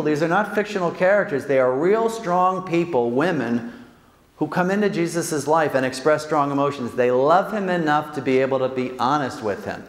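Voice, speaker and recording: A man, a Jesuit priest, giving an animated, joking talk to an audience, acting out quotes and often tagging lines with "right?". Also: medium pitch, moderate pace. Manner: animated, jokey, acts out quotes, frequent "right?" tags. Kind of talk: lively faith talk to an audience. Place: large hall with audience. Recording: echoey hall with long reverb.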